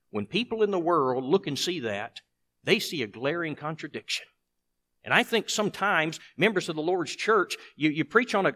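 Emphatic higher-voiced preacher. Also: male voice, pushed and bright. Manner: emphatic, asks the congregation rhetorical questions. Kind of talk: sermon.

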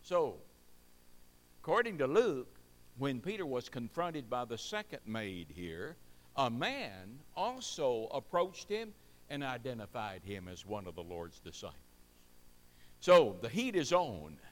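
A man's voice: medium pitch, sing-song, measured pace. A man preaching a sermon, repeating key phrases for emphasis and asking the congregation rhetorical questions.

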